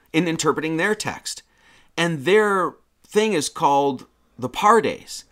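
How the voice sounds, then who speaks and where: Animated, bright-voiced man lecturing. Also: on the high side. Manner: animated, mocking, slangy. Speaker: livestream host. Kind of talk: casual livestream lecture.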